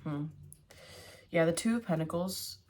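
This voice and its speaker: Low-voiced woman musing over tarot cards. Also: measured pace, background noise. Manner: musing aloud, thinking in hums and fillers. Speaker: tarot reader. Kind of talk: casual tarot reading.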